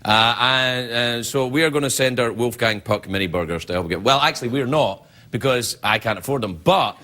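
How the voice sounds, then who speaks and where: A male late-night host with a medium-pitched voice rambles at normal speed through jokes and viewer emails in a comedy monologue, often slipping into comic voices. It's recorded in a studio with a loud audience.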